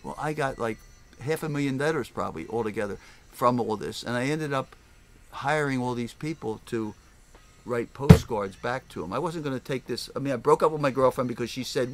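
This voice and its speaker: This older Philadelphia-area American, a record store owner, rambles through casual stories in an interview, lively and often imitating the voices of people he quotes. He speaks fairly quickly in a mid-range voice.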